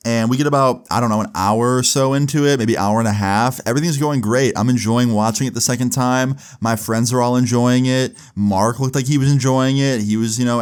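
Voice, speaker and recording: A young man telling a story in a casual, rambling way, full of fillers. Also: medium pitch. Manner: rambling, lots of "like" and "right?".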